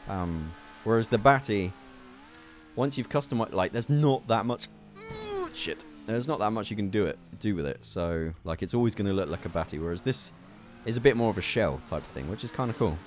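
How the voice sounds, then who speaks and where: A young man giving excitable gameplay commentary as a gaming video host, swearing and laughing at his mishaps. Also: fairly low pitch, brisk, slight background noise. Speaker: gaming YouTuber.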